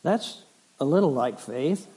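Male pastor, fairly high voice, deliberate preaching cadence that swells on scripture. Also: expressive, mellow. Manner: slow deliberate preaching, rising in force on scripture lists. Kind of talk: sermon. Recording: audio of a sermon.

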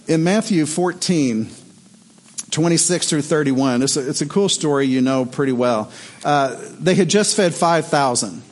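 A middle-aged male pastor preaching with a fairly high voice. He tells stories in an animated, lively way, with his voice climbing as he gets worked up. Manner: animated storytelling, voice rising in excitement. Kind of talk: sermon.

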